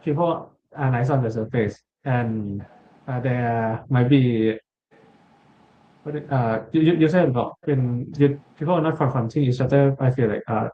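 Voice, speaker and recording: A hesitant young man in a student discussion, pausing with many "uh"s and restarting his sentences. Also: medium pitch. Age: young adult. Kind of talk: casual group discussion. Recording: dull muffled audio.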